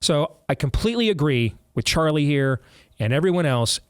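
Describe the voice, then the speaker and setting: Male talk host, higher-pitched voice, blunt and sarcastic, dry studio sound. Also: expressive, normal speed, clean tone, no room sound. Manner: blunt and sarcastic, with frequent restarts. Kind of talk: political talk show commentary.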